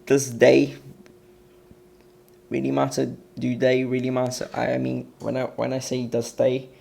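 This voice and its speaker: A man's voice: mid-range voice, completely flat delivery, unhurried, creaky, mellow. A male English teacher going through grammar exercises step by step in a recorded online revision lesson, with many fillers and restarts.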